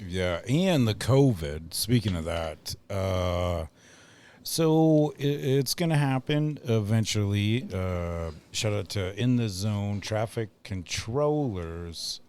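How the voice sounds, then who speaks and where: A man's voice: lowish voice, expressive, takes it slowly, a little mellow. A man hosting a casual podcast, rambling with lots of fillers and laughing often. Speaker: podcast host.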